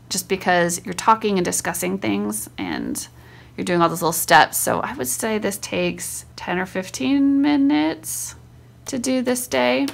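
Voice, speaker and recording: A woman's voice: mid-range voice, vocal fry. A woman, a homeschool teacher, casually demonstrating a spelling lesson and sounding out words syllable by syllable.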